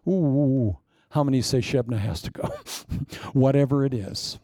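A man preaching a sermon in an animated way, asking the congregation rhetorical questions. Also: medium pitch, measured pace, no echo, studio quality.

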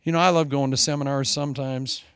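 A man in his forties preaching a sermon, animated and joking, with self-mocking asides. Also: mid-range voice, fast talker, clean tone. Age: 40s. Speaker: pastor.

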